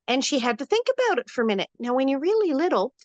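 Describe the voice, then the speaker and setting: Older woman, interview guest, lively anecdotes, slightly high pitch, dry sound. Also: no echo, highs cut off. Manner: lively anecdotes with quick acted-out quotes and laughs. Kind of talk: animated storytelling interview.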